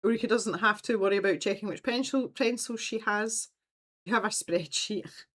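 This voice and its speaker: A woman's voice: mid-range voice, normal speed, fairly bright tone. A Scottish woman hosting a casual art livestream from home, chatting in a meandering way and laughing often.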